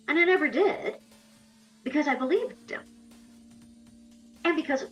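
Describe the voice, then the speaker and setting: A woman's voice: high voice, very animated, moderate pace, pauses often, a bit bright, husky, soft background music, low-quality recording. A woman candidly recounting her own experience in an interview, acting out the lines of past conversations. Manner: candid, reenacts dialogue. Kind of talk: personal testimony.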